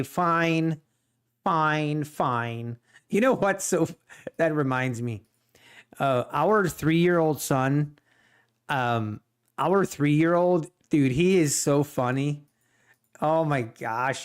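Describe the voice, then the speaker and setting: Man, livestream trading host, slightly high voice, slow easygoing delivery, chatty, laughs a lot. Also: clear, resonant tone. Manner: chatty, laughs often, addresses chat directly. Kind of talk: casual livestream chat and market commentary.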